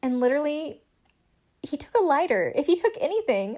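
A young woman casually recapping a TV show, chatty and sarcastic, full of "like" and quick asides. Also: high-pitched, animated. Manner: chatty, sarcastic, lots of "like" and laughs. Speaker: podcast host recapping a TV show.

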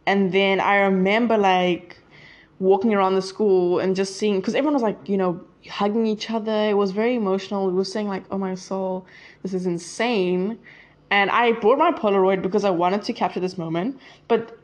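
A woman's voice: medium pitch, steady tone, a little fast, dull audio. A teenage girl talking casually to her viewers in a chatty, rambling way that often drifts off track. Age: teens. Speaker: vlogger. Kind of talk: casual chat to camera.

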